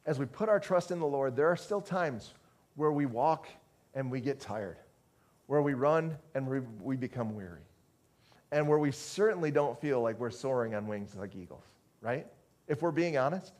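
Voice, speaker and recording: A man's voice: mid-range voice, expressive, moderate pace, darkish tone. A man preaching a conversational sermon to a congregation, often restarting phrases and asking the listeners questions. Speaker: pastor.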